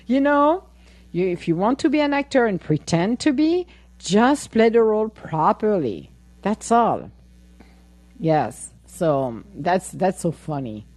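A woman hosting a podcast, chatting casually and telling an animated story, laughing often and acting out her own replies. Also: mid-range voice, slow pace, pauses often, no room sound. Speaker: podcast host. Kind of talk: casual chat.

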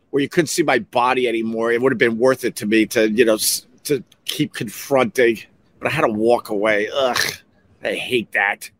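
Fired-up man telling stories on a podcast. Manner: heated, animated storyteller who jumps up in pitch when riled. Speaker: podcast host. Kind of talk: casual storytelling monologue.

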